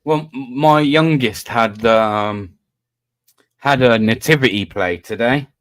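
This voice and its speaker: Slow and mid-range, with a slightly bright tone, a British man's voice comes through online voice chat as he hosts a live panel. He banters casually and tells stories that make fun of himself.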